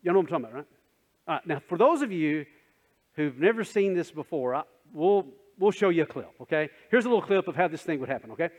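A male pastor delivers a sermon in an easy, conversational way, asking the congregation questions and acting out little scenes. His voice sits a bit high. The recording is dull and lo-fi, with a long reverb tail from the sanctuary. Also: lively intonation, quick pace.

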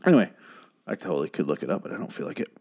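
A man's voice: low voice, big pitch swings, very fast, gravelly, a little mellow, husky. A man losing his voice, rambling through a casual, profane and sarcastic recap of a TV episode as a podcast host.

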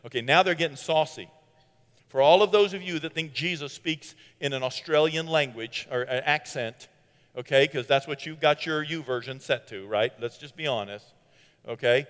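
A man preaching a sermon in an animated way, with sarcastic asides, swinging from loud to hushed. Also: a little high, normal speed, in a large hall.

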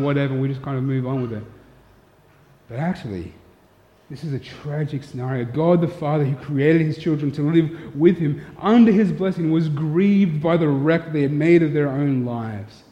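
A man preaching a sermon, earnest and storytelling, putting direct questions to his listeners. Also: a little high. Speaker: pastor. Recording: echoey hall, dull lo-fi sound.

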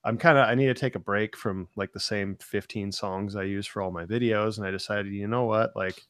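A man's voice: on the low side, fairly even intonation, a little fast, fairly bright tone, clean tone, no echo, studio quality. A man hosting a casual live-stream chat, rambling and peppering his talk with "like". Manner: rambling, full of "like". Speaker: show host.

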